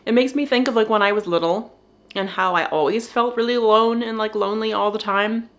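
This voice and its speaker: Young woman doing a candid vlog, soft and halting, kinda teary, little nervous laughs. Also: mid-range voice. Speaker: vlogger.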